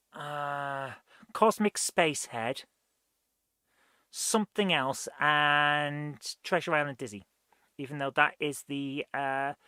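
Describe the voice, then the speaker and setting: Male host, rambling live-stream chatter, bright voice, dry close sound. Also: on the high side, no room sound. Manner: rambling and chatty, thinking aloud. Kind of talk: live retro gaming stream chat.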